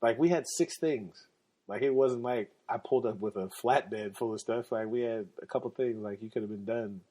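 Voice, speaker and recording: A man hosting a podcast, telling casual stories in an animated, slangy way and laughing often. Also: medium pitch, moderate pace. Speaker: podcast host. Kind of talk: casual storytelling.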